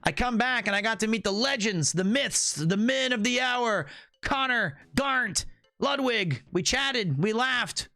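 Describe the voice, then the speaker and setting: A man streaming casual chat with his viewers in an animated, playful way, riffing on slang and trip stories and laughing at his own jokes. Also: very high voice, a little slow, dry recording. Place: Tokyo, Japan.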